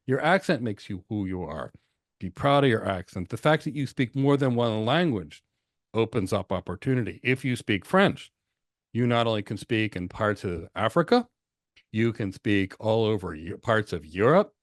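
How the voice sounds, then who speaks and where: An American man hosting a live question session, talking in an animated, encouraging way and telling stories. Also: lowish voice, moderate pace, no echo, studio quality. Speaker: host and instructor. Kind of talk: live Q&A webinar.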